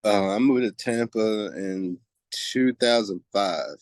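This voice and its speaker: A man's voice: fairly low pitch, takes it slowly, no room sound. A man in his forties from New Jersey, a guest on a podcast, speaking in a laid-back, reflective way and often saying "you know what I mean". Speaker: guest softball player. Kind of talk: casual interview chat.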